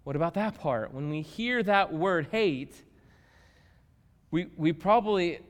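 A man preaching a sermon as a pastor, swinging from hushed tones to loud emphatic shouts. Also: on the high side, animated, measured pace. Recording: long reverb of a large hall.

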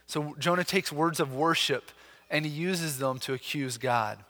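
A man preaching a sermon as pastor, talking earnestly with lively emphasis and frequent restarts. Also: fairly high pitch, measured pace, in a large hall.

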